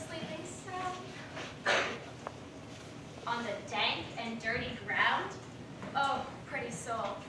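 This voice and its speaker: A woman playing a mischievous sprite servant on stage, declaiming verse in a distant, echoey, noisy recording. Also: sits high. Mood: commanding. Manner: declaiming verse, hushed then loud. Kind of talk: stage play acting.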